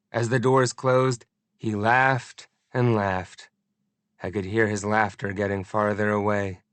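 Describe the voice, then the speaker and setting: A man narrating a first-person audiobook in an expressive, deliberate storytelling manner. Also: on the low side, clear, resonant tone, dry recording.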